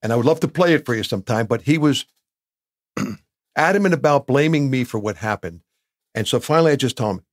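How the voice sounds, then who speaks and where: Recorded in studio quality without echo, this mid-range male voice is expressive and brisk yet broken by long pauses. He's a podcast guest in his sixties from New Jersey, sharing candid personal stories with feeling and imitating what others said.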